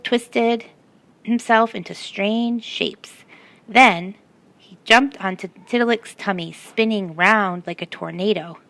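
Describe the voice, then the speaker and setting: A woman reads a picture book aloud to children, pausing to ask them questions. She reads slowly, in a bright voice with a gravelly edge, recorded close and dry. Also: fairly high pitch, no room sound. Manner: asks the listeners questions. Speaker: storyteller.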